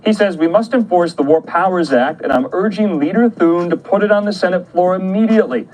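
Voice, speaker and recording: A man anchoring a live news broadcast, reading statements out in a measured way. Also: high voice, darkish tone, poor audio. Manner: measured, reads out quotes.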